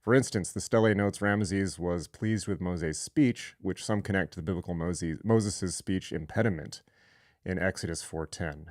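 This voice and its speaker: A man's voice: low voice, moderate pace, darkish tone, no room sound, studio quality. A man hosting a live online lecture, reading sources aloud and breaking off for irreverent, sarcastic comments. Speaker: host.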